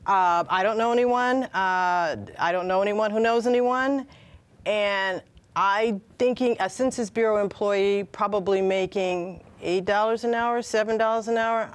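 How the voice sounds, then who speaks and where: A woman's voice: medium pitch, a little slow, smooth. A woman producing a community TV talk show, chatting casually and laughing often as she walks through slides. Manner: chatty, laughs often, asks rhetorical questions. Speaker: show producer presenting a topic. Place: community access TV studio.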